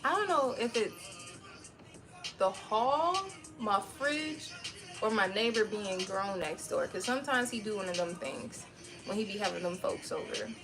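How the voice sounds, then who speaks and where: A woman in her thirties, a livestream host, venting to her viewers in casual, blunt, animated talk with plenty of swearing. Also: medium pitch, a little slow, over music, low-quality recording. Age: 30s.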